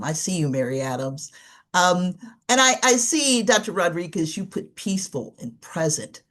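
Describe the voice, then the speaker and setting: A woman's voice: lowish voice, big pitch swings, moderate pace, fairly bright tone. A woman giving a live webinar training, talking in a conversational teaching manner and often checking in with "right?" asides. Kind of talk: live online training presentation.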